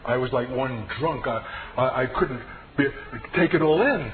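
A man's voice: mid-range voice, a little slow, crowd noise. A man from the United States giving an impassioned, emphatic personal testimony sermon. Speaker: preacher giving his testimony. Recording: tinny, noisy radio broadcast.

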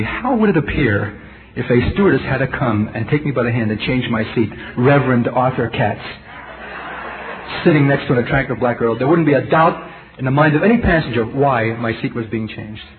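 A middle-aged man delivers a sermon with intense emphasis, his voice sinking to a near whisper and then surging. He speaks in an ordinary middle register and keeps turning to the congregation with rhetorical questions. The sound is thin and phone-like, with a light hiss underneath. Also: mid-range voice. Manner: intense, emphatic, swings between loud and hushed. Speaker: preacher. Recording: tinny lo-fi tape with faint hiss.

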